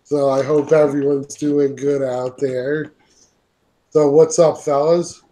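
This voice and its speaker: A man's voice: on the high side, level tone, slow pace, dark tone. A man hosting a casual panel podcast over an online call, talking in a laid-back, rambling way and swearing now and then. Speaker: podcast host.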